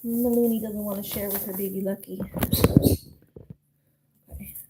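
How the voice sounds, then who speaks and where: A woman's voice: mid-range voice, steady tone, normal speed. Chatty young woman with noisy stream audio. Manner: chatty, coos to her pets. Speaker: livestreamer. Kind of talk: casual live stream chat.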